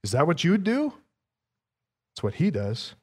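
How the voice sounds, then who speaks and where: A man's voice: fairly high pitch, huge pitch swings, normal speed, dark tone, breathy edge, in a large hall. A man preaching an expository sermon, teaching through a passage verse by verse and putting questions to his listeners. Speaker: pastor.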